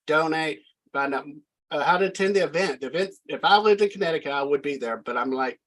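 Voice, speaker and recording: A man's voice: on the high side, fast, a bit bright, poor audio. A man hosting a casual online interview, friendly and drawling, laughing easily. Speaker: talk show host.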